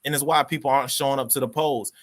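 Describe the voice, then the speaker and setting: A man's voice: medium pitch, steady tone, racing. A man hosting a live stream, reading chat comments and ranting with passion, repeating words as he talks. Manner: passionate ranting, repeats himself, calls listeners dog. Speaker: livestream host.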